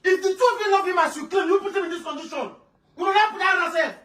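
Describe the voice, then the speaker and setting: A loud, exasperated in-law, played by a woman, who stammers and shouts her scolding in a high voice at a rapid clip. She is heard from across an echoing room in this drama skit. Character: loud, exasperated female relative scolding quarrelling wives. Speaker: in-law scolding two wives. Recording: roomy room, voice from a distance.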